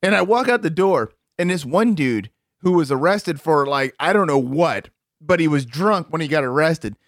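Brief: high-pitched male storyteller, casual and profane, dry close sound. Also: lively intonation, normal speed, dry recording. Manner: rambling storytelling with profanity and laughter. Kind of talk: casual podcast chat.

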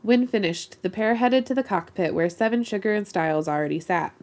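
A woman podcast host reading erotic fiction aloud with giggly, expressive storytelling. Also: medium pitch, fairly quick.

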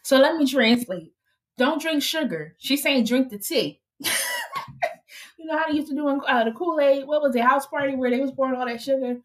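A woman hosting a live interview show, lively and playful, encouraging her guest and reading out viewer comments. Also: high-pitched, fairly quick. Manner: reads viewer comments aloud. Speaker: host.

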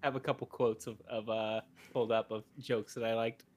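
A man's voice: mid-range voice, little pitch movement, a little fast. A man co-hosting a podcast in casual chat, rambling with many restarts and fillers. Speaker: podcast co-host.

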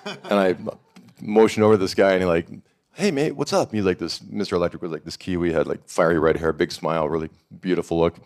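A middle-aged man from Montana telling a lively story on a panel, acting out the people he quotes. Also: deep voice, quick pace. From Montana, USA. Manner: animated storyteller, acts out quoted voices. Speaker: founder of a summit and network.

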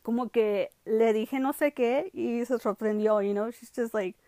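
A woman's voice: a little high, steady tone, normal speed, warm tone, no echo. A woman telling a personal story in a casual vlog, switching between English and Spanish and filling her talk with "you know" and "like.". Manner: lots of "you know" and "like" fillers. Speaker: vlogger.

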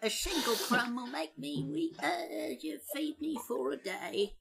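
A woman voicing a starving street urchin beggar, pleading theatrically in a gravelly, breathy voice. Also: high voice, a little slow, background noise.

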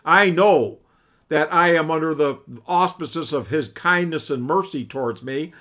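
A man's voice: sits high, a bit bright. A man teaching a Bible class over a video call, preaching in an earnest, emphatic way and often recounting what his old teacher told him. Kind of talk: preaching lecture.

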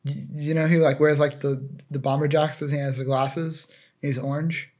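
Husky, joking male podcast host. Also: on the high side, flat delivery, normal speed, a little mellow, dull audio. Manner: joking, rambling with many fillers. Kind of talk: casual chat.

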